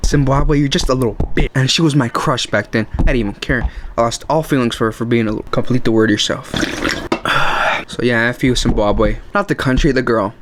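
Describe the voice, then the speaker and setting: A man's voice: moderate pace, background noise. A young man telling funny school stories to the camera in a casual, self-mocking way. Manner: joking, self-mocking, with sudden high yelps. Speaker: vlogger.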